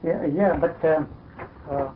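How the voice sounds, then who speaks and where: A man's voice: a little high, slow. A man in a philosophical conversation, talking in an emphatic, insistent way and pressing his points with repeated "you see.". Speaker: spiritual speaker in discussion. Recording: tinny lo-fi archival recording with faint hiss.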